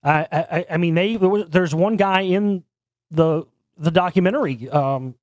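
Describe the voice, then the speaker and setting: A man's voice: high voice, moderate pace, darkish tone, dry recording, studio quality. A man hosting a talk show alone, giving casual commentary into a desk microphone and rambling with many restarts and repeated words. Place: home studio near Dallas.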